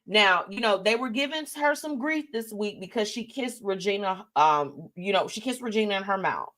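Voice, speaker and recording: Speaking at a medium pitch and normal speed, a female host gossips about celebrities on a live broadcast. Her delivery is lively and sassy, and she reads out comments from viewers.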